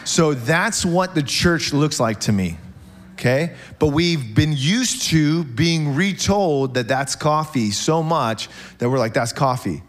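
A man preaching a sermon in church, animated and joking with the congregation, often checking in with "okay?". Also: on the high side, takes it slowly. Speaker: pastor.

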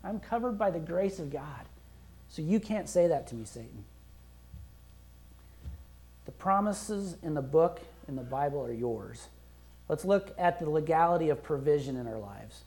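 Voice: mid-range voice, expressive, normal speed, long pauses, dark tone. A pastor preaching a sermon in a conversational, emphatic way, acting out prayers and quotes as he goes. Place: church.

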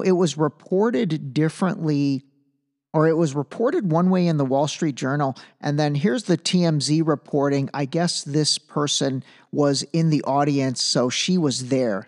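A man hosting a podcast solo, talking in a loose, chatty way and slipping in jokes. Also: on the high side. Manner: loose, chatty, jokey asides. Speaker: podcast host. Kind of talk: casual solo podcast commentary. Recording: long room reverb.

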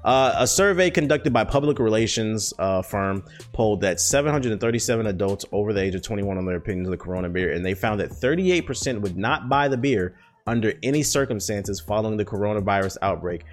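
An American man hosting a solo podcast, talking loosely with lots of fillers and swearing, swinging between excited bursts and low mutters. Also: fast. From United States. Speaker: podcast host. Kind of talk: casual solo podcast monologue.

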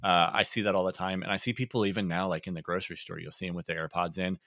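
A man co-hosting a podcast in casual chat, relaxed and reflective, with frequent ums and laughs. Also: sits low, fast, no echo, clean studio sound. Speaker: podcast co-host.

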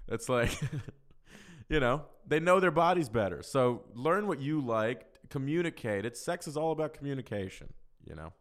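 A man's voice: mid-range voice, expressive, moderate pace. A man hosting a solo podcast, answering listener questions in casual chat, talking frankly and profanely with a rambling, loose flow. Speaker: podcast host.

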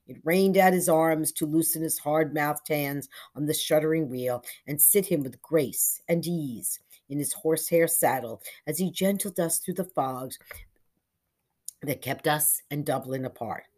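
A woman narrating a literary short story in a measured, lyrical way with soft trailing endings. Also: sits low. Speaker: audiobook narrator.

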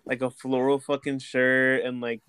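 A man's voice: mid-range voice, completely flat delivery, moderate pace, background noise. A man in casual chat who rambles, fills his talk with "like" and "uh", and swears a lot.

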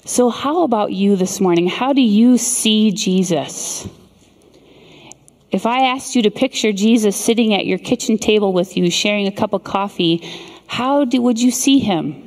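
A middle-aged woman preaches in a large hall, her earnest storytelling slowed by dramatic pauses. Her voice sits at an ordinary pitch. Long reverb trails after each phrase. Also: a little mellow. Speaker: speaker. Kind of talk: sermon with storytelling.

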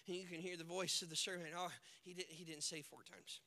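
Male pastor, very high piercing voice, dynamic sermon delivery from whisper to shout, long church reverb. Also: fairly even intonation, brisk, hardly any pauses. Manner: dynamic preaching, swings from hushed to shouting; acts out quoted characters in the stories.

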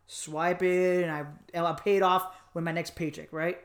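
A man from Miami telling a personal story in a casual podcast chat, animated and joking, with lots of fillers. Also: fairly high pitch, normal speed. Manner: animated, joking, acts out voices, many fillers. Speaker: podcast co-host.

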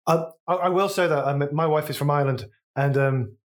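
A man's voice: a little high, a little fast. A man from Wolverhampton with a Wolverhampton accent, co-hosting a podcast in chatty, inquisitive conversation. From Wolverhampton, England. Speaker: podcast co-host. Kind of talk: casual chat.

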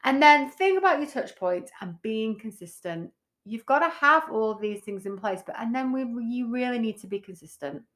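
A woman co-hosting a business podcast in casual chat, blunt and animated, swearing freely. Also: a little high, normal speed. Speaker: podcast co-host, brand builder.

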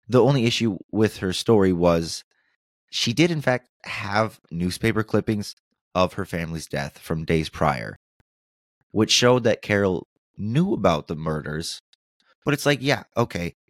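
Deep-voiced true-crime podcast host. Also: male voice, no echo, clean studio sound. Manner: sarcastic asides, reads quotes aloud.

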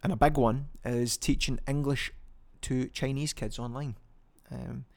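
A young man with a Scottish accent talks through his solo podcast in a loose, rambling way, often stopping to restart a thought. His voice has a gravelly edge at mid pitch. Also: fairly even intonation, a little slow. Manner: chatty and rambling, lots of ums and self-corrections. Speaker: podcast host. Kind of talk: casual solo podcast chat.

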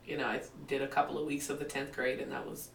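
A woman's voice: rumbling low, quick pace, a little hiss or hum. A woman in her forties telling her life story in a candid interview, laughing often and acting out what people said. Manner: animated storyteller, laughs often, acts out quotes. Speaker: guest. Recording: roomy, distant mic with faint ambience.

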